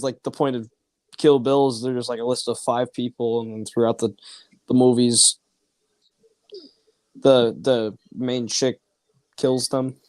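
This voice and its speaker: A man's voice: mid-range voice, a little mellow, no echo. A man hosting a casual watch-along, rambling and laughing as he comments on a movie. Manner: rambling, laughs often, trails off. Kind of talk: casual chat over a movie.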